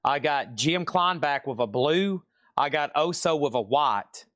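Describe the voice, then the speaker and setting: A man's voice: a little high, lively intonation, a little slow, a bit bright, no room sound, clean studio sound. Southern man running a live record sale. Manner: chatty, repeats prices and buyer names. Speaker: live-stream seller. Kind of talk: live sales stream.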